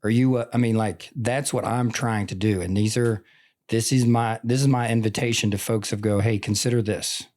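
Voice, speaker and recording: A man's voice: on the low side, fairly even intonation, normal speed, darkish tone. A man in his forties, a veteran teacher, talking in an earnest, rambling way full of "like" and "I mean" in a casual conversation. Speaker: teacher and podcast guest.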